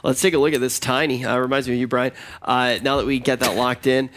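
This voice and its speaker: A man's voice: mid-range voice, fairly even intonation, fast talker, a bit bright. A man hosting an esports analysis desk, upbeat and leading with questions. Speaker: desk host.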